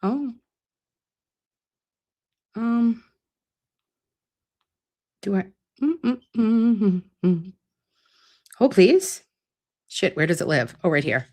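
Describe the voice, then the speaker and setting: Lively, expressive woman stream host. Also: mid-range voice, takes it slowly, pauses often. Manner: animated and expressive, swears freely. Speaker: live stream host reading viewer comments. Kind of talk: casual live stream chat.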